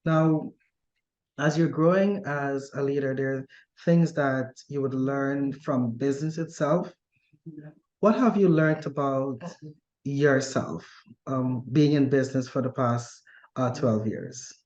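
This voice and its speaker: A man hosting a business interview, affirming his guest and pausing often on "uh" as he builds his questions. His voice sits at a middle pitch. The sound is roomy and a little dull, as if picked up from the room. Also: a little mellow. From Guyana. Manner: affirming and deliberate, with many "uh" pauses. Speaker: interview host, business coach.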